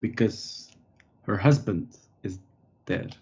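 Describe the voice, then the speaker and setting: Slow questioning player on a dull mic. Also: low-pitched, a little mellow, breathy edge. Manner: questioning, laughs between lines. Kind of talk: in-character tabletop role-play.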